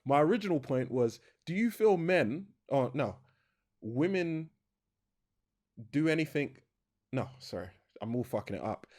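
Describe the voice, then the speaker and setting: Young man, podcast co-host, animated pitch, rambling, laughs a lot. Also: unhurried, long pauses. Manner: laughs often, rambling and self-correcting. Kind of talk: casual chat.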